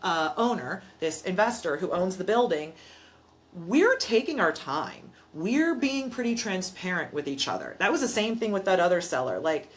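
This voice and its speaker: Lively, emphatic woman property manager. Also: lowish voice, moderate pace. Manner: lively storyteller who acts out both sides of conversations; emphatic, conversational explainer. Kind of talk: casual podcast conversation.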